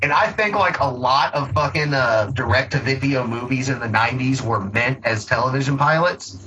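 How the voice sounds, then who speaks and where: A man's voice: medium pitch, normal speed, sharp tone, a little hiss or hum, low-quality recording. A man co-hosting a podcast, chatting casually and profanely about a movie, laughing a lot and acting out quotes while recapping the plot. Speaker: podcast co-host. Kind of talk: casual movie review chat.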